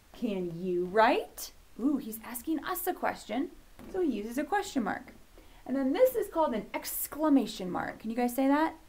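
Woman, kindergarten teacher, encouraging, slow sounding out, slightly high, a bit gravelly. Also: a little mellow. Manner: upbeat, encouraging, sounds out letters slowly. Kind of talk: video lesson for young children.

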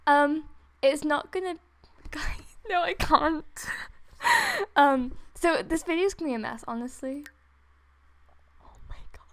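Giddy high-voiced young woman. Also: measured pace, fairly bright tone. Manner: giddy and breathless, laughing, gasping and trailing off. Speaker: gaming YouTuber. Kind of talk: excited gameplay commentary. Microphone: desktop USB microphone.

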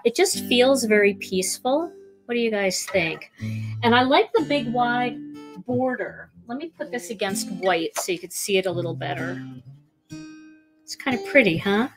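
A woman's voice: a little high, expressive, normal speed, over music. Chatty woman hosting a live craft demo. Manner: chatty, talks to viewers while working. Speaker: craft show host.

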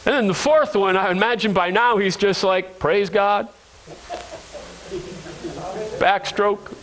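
A man's voice: high voice, fairly quick, a bit bright, poor audio. A male pastor preaching a sermon to his congregation, earnest and repeating phrases for emphasis, calling listeners friends.

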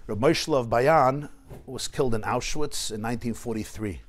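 Rabbi, male, animated storyteller, Yiddish and Hebrew terms, middle-pitched voice, study-hall class. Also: moderate pace.

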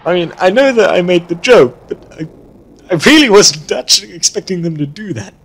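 Lively man commenting on gameplay. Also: high voice, brisk, a little hiss or hum. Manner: lively, reactive, wry asides. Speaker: gameplay streamer. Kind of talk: casual live commentary over gameplay. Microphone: headset.

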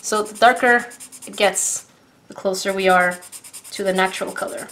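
Bubbly young woman excitedly unboxing art supplies. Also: mid-range voice, moderate pace, slight background noise. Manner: excitable, bubbly, giggly, repeats herself. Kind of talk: casual unboxing and product demo.

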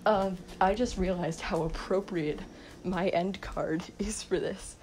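A woman's voice: on the low side, steady tone, slow, a little mellow, a little hiss or hum, poor audio. A young woman in her teens rambling unscripted into her phone at night, giggling, mumbling and sleep-deprived after staying up all night. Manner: giggly, self-mocking, mumbling. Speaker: vlogger. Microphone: phone mic.

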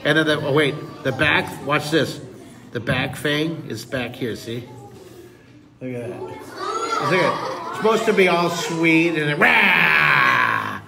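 A man's voice: on the high side, a little slow, long pauses, far from the mic, very noisy. A middle-aged man teaching a drawing lesson in a playful, goofy way, full of teasing jokes, with an audience of kids behind him. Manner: goofy, teasing, jokey asides.

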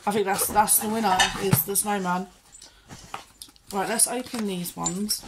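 A woman's voice: mid-range voice, fairly even intonation, unhurried. Chatty woman on a noisy phone recording. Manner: chatty, reads ingredient lists aloud and gives her dog short commands. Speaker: pet vlogger unboxing dog treats. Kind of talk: casual chat while training her dog.

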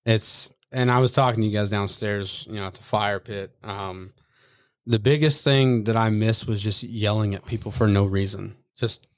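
A man's voice: fairly low pitch, moderate pace, dry recording. Profane storytelling man, casual chat. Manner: profane, animated storytelling with acted-out quotes. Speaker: podcast guest, former Marine recruiter.

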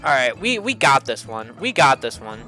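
A young man giving excitable, swearing commentary while playing a kart racing game, often jumping up into high yelps. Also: normal speed, soft background music. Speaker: gaming channel host. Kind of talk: let's play commentary.

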